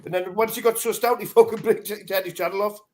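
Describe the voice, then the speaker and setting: Brief: man, high voice, co-host, crude laughing banter. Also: fairly even intonation, a little fast. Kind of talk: casual chat.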